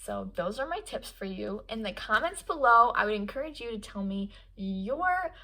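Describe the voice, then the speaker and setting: A young adult woman giving advice in a vlog, in an earnest, encouraging way that drops to a soft hush at times. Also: on the high side, very animated, normal speed. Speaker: vlogger giving stress tips. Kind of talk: encouraging vlog talk to camera.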